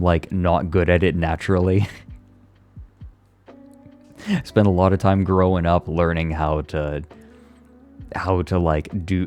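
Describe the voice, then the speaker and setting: A man's voice: low voice, a little mellow. A male streamer in casual live chat, rambling with lots of fillers, swearing freely and laughing often.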